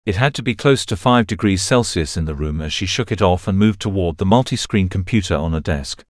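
A man reading a novel aloud as a narrator, in a steady, even way. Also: low-pitched, fairly quick, no echo, studio quality. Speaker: audiobook narrator. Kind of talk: scripted narration.

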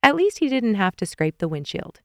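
A woman's voice: mid-range voice, sing-song, normal speed, fairly bright tone, no room sound, clean studio sound. A young adult woman reading a novel aloud as an audiobook narrator, giving the characters small shifts in voice. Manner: reads dialogue with light shifts for each character. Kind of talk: scripted narration.

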